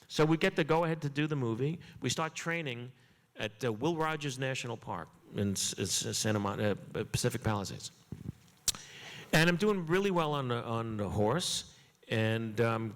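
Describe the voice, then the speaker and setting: An older man tells stories as an interview guest. He acts out the other people's lines in a comic, animated way and often trips over his own restarts. His voice carries a long reverb, as if it were recorded in a large hall. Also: lowish voice. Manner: lively comic storyteller who acts out dialogue, with stammering restarts. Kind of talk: animated anecdote telling.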